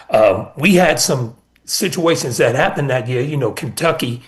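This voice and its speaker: A man's voice: mid-range voice, expressive, moderate pace, few pauses. A middle-aged man, a former basketball coach, telling stories earnestly on a sports radio show and repeating key points for emphasis. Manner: earnest storytelling with emphatic repetition. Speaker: former college basketball assistant coach, guest.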